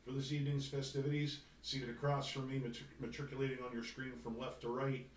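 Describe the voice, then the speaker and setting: A man's voice: medium pitch, little pitch movement, fast, echoey room, recorded from a distance, a little hiss or hum, rough recording. A man hosting a casual sports talk radio show, rambling and joking, swearing freely. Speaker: host. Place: radio studio.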